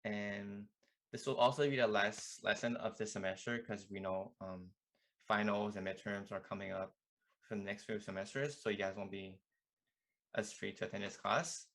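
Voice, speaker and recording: A young man with a fairly low voice gives a relaxed online language lesson. He talks in a loose, chatty way, full of "like" and "you know", as a student club tutor. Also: normal speed.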